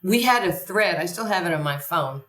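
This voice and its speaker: An older woman with a very low voice tells her story as a podcast guest, animated and long-winded. She sits away from the microphone in an echoey room. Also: moderate pace. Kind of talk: conversational storytelling. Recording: echoey room, distant from the mic.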